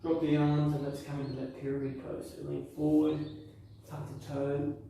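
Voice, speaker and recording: A man's voice: fairly high pitch, completely flat delivery, moderate pace, gravelly, mellow, slight background noise. Yoga instructor, male, encouraging cues, recorded far from the mic in a very echoey room. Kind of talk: guided workout instruction.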